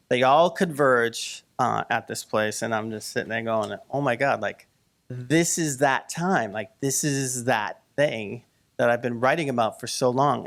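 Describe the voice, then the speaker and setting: Gravelly man telling a heated story. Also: mid-range voice. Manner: conversational, animated storytelling with many fillers, rising to heated emphasis. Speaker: cartoonist telling a story to an audience. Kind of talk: storytelling talk before a live audience. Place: event hall.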